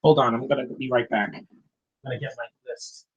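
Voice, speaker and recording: A man giving a casual, excitable film review, swearing freely and often restarting his sentences. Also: medium pitch, fairly quick, lo-fi sound, heavy background noise. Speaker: movie reviewer.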